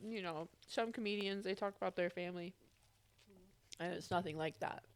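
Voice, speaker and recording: Rambling woman podcast co-host, low voice. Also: moderate pace, smooth. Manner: loose, rambling, laughs often. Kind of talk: unedited casual chat.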